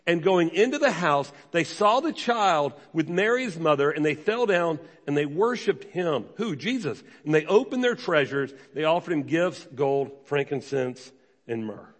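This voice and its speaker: A pastor giving a sermon, emphatic and conversational, asking the congregation rhetorical questions. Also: male voice, fairly high pitch, big pitch swings, normal speed, big-room sound.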